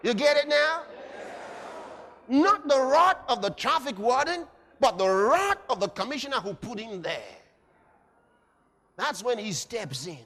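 A male preacher delivering a sermon, dramatic, swinging between hushed passages and shouted ones. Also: extremely high pitch, big pitch swings, unhurried, long pauses. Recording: reverberant hall.

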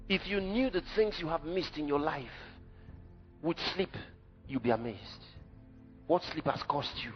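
A man preaching a sermon, swinging between shouted lines and low murmurs. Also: animated, normal speed. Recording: dull lo-fi sound with long hall reverb and faint music.

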